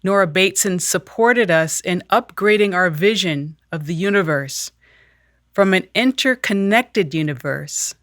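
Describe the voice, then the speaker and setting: Calm woman leading a meditation, dry sound. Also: on the low side, a little slow, no room sound. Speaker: meditation leader. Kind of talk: guided meditation talk.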